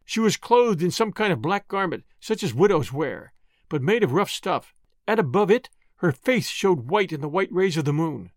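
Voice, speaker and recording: A man narrates a first-person adventure novel with measured, dramatic phrasing. His voice sits on the high side. The recording is close and dry. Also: animated, dry recording. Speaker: audiobook narrator.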